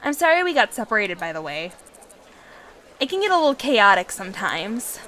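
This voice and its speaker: Female reader as gossipy teen best friend, breathless nosy questions, bright tone. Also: medium pitch, sing-song, moderate pace, a little hiss or hum. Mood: eager. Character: eager, gossipy teenage schoolgirl friend.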